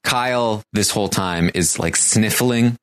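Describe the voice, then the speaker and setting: A man with a very low voice gives a casual recap of a show. He talks in a halting way, pausing and restarting often. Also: a bit bright. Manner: halting, many fillers and restarts.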